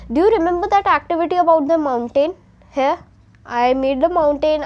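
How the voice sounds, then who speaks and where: A young woman with an Indian accent talks through a beginner French exercise like a patient teacher. Her voice sits high, and she explains each point step by step, slipping between Hindi and English as she goes. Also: a little mellow. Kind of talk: explaining a textbook lesson.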